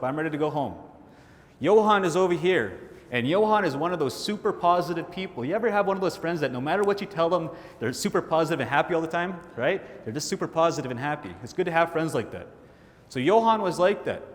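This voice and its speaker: A man's voice: expressive, a little fast. A man giving a motivational keynote, telling a personal story and acting out his friends' voices. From Canada. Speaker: keynote speaker. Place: large hall with audience. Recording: hall reverb, faint rumble.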